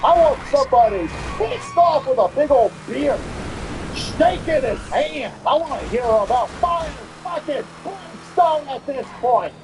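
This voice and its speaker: A man's voice: very high-pitched, expressive, measured pace, noisy background. Profane, heated man ranting on a podcast. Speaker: podcast host. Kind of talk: angry political rant.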